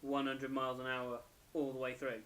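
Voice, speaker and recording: A young man talks through an anime episode in a loose, rambling way, often correcting himself mid-sentence. He sounds tired and keeps yawning. His voice sits at a plain middle pitch. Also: monotone, moderate pace, a bit bright. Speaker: anime reviewer. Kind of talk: casual episode review.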